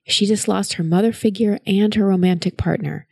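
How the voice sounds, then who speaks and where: A woman hosting a show and coaching a caller through grief in a soft, soothing, nurturing way. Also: medium pitch, moderate pace, creaky, slightly rough, no echo. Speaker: host giving advice to a caller. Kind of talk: gentle coaching on a call.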